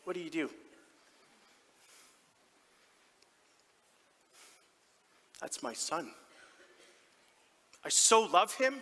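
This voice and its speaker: An actor playing a doting, proud middle-aged hockey dad in a theatrical stage monologue, telling his story in an animated, heartfelt way with sudden soft drops. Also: sits high, heavily acted. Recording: long theatre hall reverb.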